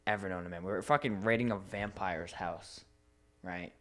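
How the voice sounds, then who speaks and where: A man's voice: low voice, normal speed. A young man co-hosting a podcast, telling stories in a casual, profane, laughing way. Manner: laughing, profane, animated storytelling. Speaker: podcast co-host. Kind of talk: casual chat.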